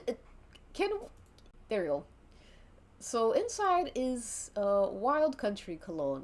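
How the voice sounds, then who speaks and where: A young adult woman streaming and narrating an interactive mystery game, giggling often and swearing casually. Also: mid-range voice.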